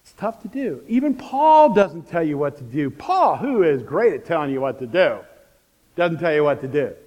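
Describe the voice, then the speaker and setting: A male pastor delivers his sermon in a fairly high voice. He tells stories with animated, emphatic repetition. His words ring out with a long reverb from the church hall around him. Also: normal speed.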